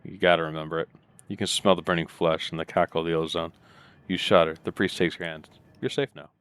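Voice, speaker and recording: Deep-voiced laid-back man reading game text. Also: flat delivery, quick pace, fairly bright tone, clear, resonant tone. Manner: laid-back, muttering asides between reading. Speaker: let's play gamer. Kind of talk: casual commentary reading game text aloud.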